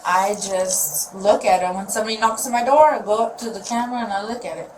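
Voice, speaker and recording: A woman's voice: mid-range voice, a little fast. A mother being questioned by police, rambling and upset, often trailing off mid-sentence. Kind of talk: recorded police interview. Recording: distant mic with loud noise.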